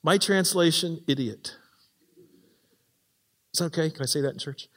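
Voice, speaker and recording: A man preaching a sermon in a church, animated and acting out the voices he quotes. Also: on the high side, normal speed. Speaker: pastor. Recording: long hall reverb.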